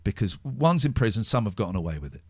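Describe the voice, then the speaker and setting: A middle-aged man hosting a live-streamed show, talking in a raw, heavily profane, halting way with many restarts. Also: on the low side, big pitch swings, a little mellow, breathy edge, dry recording, clean studio sound. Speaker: podcast host. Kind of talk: emotional live-stream monologue.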